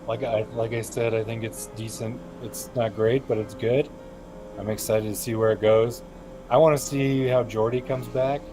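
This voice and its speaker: A man co-hosting a casual chat, giving brief, measured opinions. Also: mid-range voice, steady tone, dark tone, soft background music. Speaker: podcast co-host.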